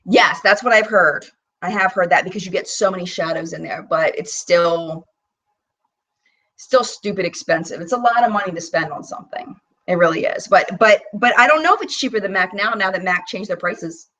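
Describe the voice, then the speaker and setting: A woman hosting a casual live-stream about makeup, talking in a chatty, animated way with bursts of mock disbelief as she swatches products. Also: mid-range voice, normal speed, recorded from a distance, rough recording. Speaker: beauty vlogger hosting a live chat.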